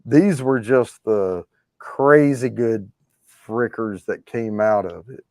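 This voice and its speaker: A man's voice: fairly low pitch, takes it slowly, darkish tone, dry recording, studio quality. A man hosting a giveaway show, chatting casually about classic rock, rambling with frequent restarts. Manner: rambling, restarts often, storytelling.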